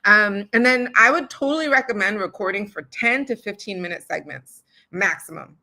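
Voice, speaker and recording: Bright-voiced chatty woman teaching. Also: mid-range voice, normal speed. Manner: chatty, filler-heavy, laughs often. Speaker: podcast host teaching audiobook recording. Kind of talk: casual how-to talk.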